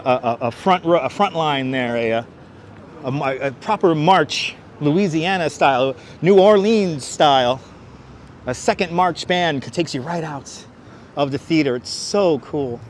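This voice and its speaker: Out on busy city streets, a Brooklyn, New York guy hosts a live walking tour in an unhurried, rambling, chatty style, with jokey asides and chat questions answered aloud. His voice is a bit high-pitched. There's a little hiss or hum on his wireless clip-on mic, paired with a phone on a gimbal.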